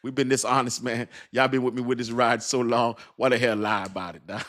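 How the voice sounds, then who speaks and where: A middle-aged American man hosting a casual crypto livestream, chatting with viewers in relaxed slang and laughing often. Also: mid-range voice, brisk. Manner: laid-back slangy talk, frequent laughs.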